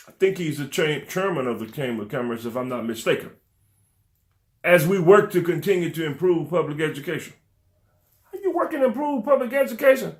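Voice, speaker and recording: A man hosting a local talk show, scolding his audience with fervent rhetorical questions in a preacher-like style. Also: high voice. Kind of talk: preacher-like call-and-response commentary.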